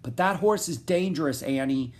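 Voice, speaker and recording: A man's voice: on the high side, expressive, moderate pace, pitched above the performer's own voice, close to an everyday voice. A man voicing a worried young boy. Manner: anxious, objecting, practical.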